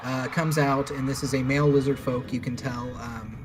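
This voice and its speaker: A man's voice: mid-range voice, fairly even intonation, normal speed, over music. Laid-back male dungeon master. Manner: casual, laughing, swearing. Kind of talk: narrating a tabletop game.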